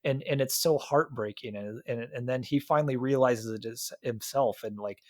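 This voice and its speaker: A man's voice: medium pitch, moderate pace, no echo, clean studio sound. A young man co-hosting a podcast, chatting casually about a film with frequent restarts and acted-out quotes. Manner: rambling, many restarts, acts out quotes. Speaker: podcast co-host.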